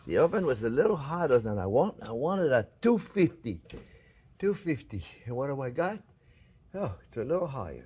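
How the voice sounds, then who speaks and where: A man's voice: on the high side, slightly rough. A man hosting a cooking show, chatting through a cooking demonstration while he works and often calling the viewers friends. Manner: lively, talks while working with his hands.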